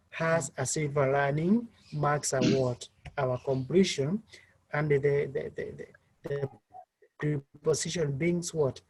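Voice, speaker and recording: A man's voice: fairly high pitch, steady tone, unhurried, a little mellow, husky, low-quality recording. A man teaching an online class, calling on students by name and asking them questions. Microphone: video call.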